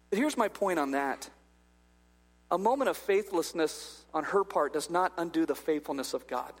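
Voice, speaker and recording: A male pastor preaching a humorous, conversational sermon in a church, acting out little dialogues as he goes. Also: sits high. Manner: jokey, acts out little dialogues. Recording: long hall reverb.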